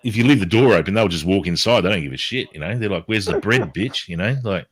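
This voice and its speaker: This livestream host has a low, husky voice and talks at a quick pace. He's animated as he spins a story in casual chat, cursing nonstop and performing other people's lines.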